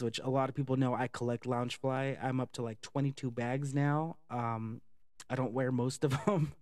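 A man telling a casual, profane story for a vlog, chatty and animated with lots of fillers. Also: mid-range voice, no room sound, clean studio sound. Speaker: vlogger.

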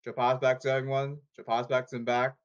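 A man's voice: mid-range voice, little pitch movement, fairly quick, lo-fi sound. A man talking casually to his audience, rambling and repeating himself as he jumps between topics. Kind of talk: casual rambling talk to camera.

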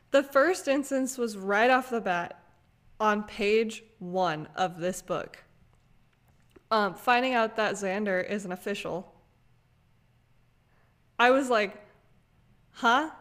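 Young female podcast co-host, casual book chat, slow unhurried delivery, relaxed and filler-heavy. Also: mid-range voice. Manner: unhurried, many fillers, laughs easily.

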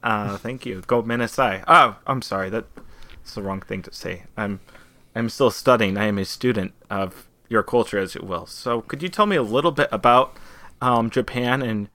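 A man's voice: lowish voice, normal speed, sharp tone. A man hosting an improvised comedy interview, asking eager, bumbling questions and apologizing often.

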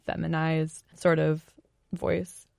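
A woman's voice: sits low, flat delivery, slow pace, vocal fry, darkish tone, no room sound, clean studio sound. A woman chatting casually on a podcast, rambling and searching for words, with many "like"s. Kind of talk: casual chat.

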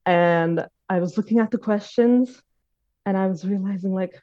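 A woman's voice: medium pitch, normal speed, mellow. A woman in her late twenties telling a personal story in casual conversation, hesitant, with many fillers and restarts. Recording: dull lo-fi recording.

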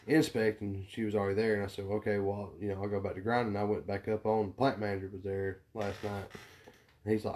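A man's voice: fairly low pitch, a little hiss or hum. A young man telling a rambling, profanity-heavy story about his factory job in casual chat, acting out the people he quotes. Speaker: podcast co-host.

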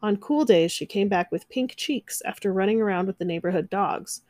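A woman reading a children's picture book aloud, gentle and expressive. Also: mid-range voice, normal speed, dry recording, studio quality. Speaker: narrator. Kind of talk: children's storybook read-aloud.

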